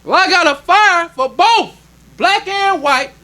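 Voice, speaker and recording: A man's voice: very high voice, lively intonation, a little slow, pushed and bright. A male minister preaching a sermon in an emphatic, conversational way, drawing call-and-response from the congregation.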